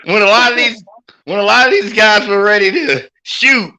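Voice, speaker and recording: A man's voice: high-pitched, moderate pace. A man co-hosting a casual wrestling podcast, telling stories with lots of energy and frequent swearing. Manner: animated storytelling, swears freely. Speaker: podcast co-host.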